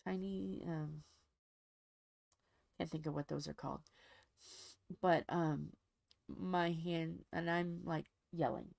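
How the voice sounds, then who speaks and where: A woman's voice: low voice, steady tone, slow pace, creaky, pauses often, a little mellow, dry recording. A woman hosting a diamond painting channel, chatting casually while she crafts and telling a rambling, folksy story from home.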